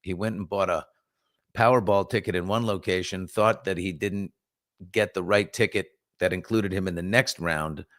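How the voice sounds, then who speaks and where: Lower-voiced New York man hosting a morning show. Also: moderate pace, no echo, studio quality. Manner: animated storyteller, reads viewer comments aloud. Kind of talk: casual storytelling chat.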